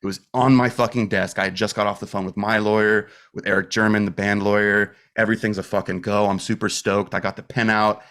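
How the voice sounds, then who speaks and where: Man guest, lowish voice, emotional storyteller, swears a lot, acts out quotes. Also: brisk, few pauses. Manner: emotional, profane, animated retelling with acted quotes. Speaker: podcast guest, musician. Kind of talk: candid storytelling in casual chat.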